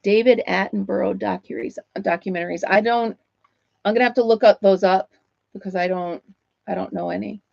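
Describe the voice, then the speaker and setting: A woman's voice: medium pitch, steady tone, fairly quick, gravelly, darkish tone, no echo, lo-fi sound. A woman hosting a casual livestream from home, chatting with viewers while she crochets and laughing often. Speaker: livestream host.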